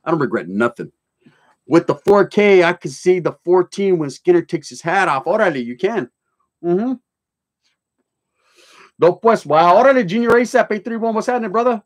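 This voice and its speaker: Streamer, middle-aged man, slightly high pitch, blunt street-slang storyteller. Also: lively intonation, normal speed, long pauses. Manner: streetwise slang mixed with Spanish words, heavy swearing; blunt, storytelling, joking then serious. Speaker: livestream host. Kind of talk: casual livestream chat, reading comments aloud.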